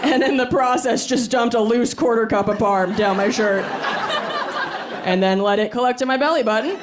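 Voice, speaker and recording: A woman's voice: fairly high pitch, normal speed. Woman doing punchy stand-up storytelling. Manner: punchy storytelling, acts out quotes, laughs at her own jokes. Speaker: stand-up comedian. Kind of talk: stand-up comedy set. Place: comedy club stage with live audience laughing. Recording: live club recording, audible room noise.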